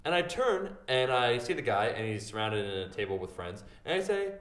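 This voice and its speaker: Fast-talking young man in an echoey room. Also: mid-range voice, sing-song, a bit bright. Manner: fast, profane, joking. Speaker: podcast co-host. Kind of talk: casual podcast chat.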